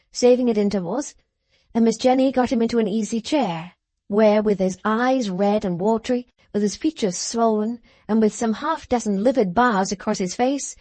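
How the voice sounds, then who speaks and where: A woman narrating a classic novel as an audiobook, reading in an even storytelling manner. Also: fairly high pitch, no room sound. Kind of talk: scripted narration.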